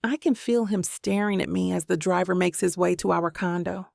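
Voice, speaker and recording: A woman narrating a romance audiobook in the first person, with steady, even storytelling. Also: lowish voice, moderate pace, gravelly, no room sound, clean studio sound.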